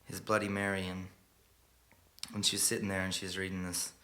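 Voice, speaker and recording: A man telling a story in a soft, hushed and halting way, pausing and restarting often. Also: low voice, flat delivery. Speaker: singer-songwriter. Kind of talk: spoken storytelling intro to a song. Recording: loud guitar playing behind the voice.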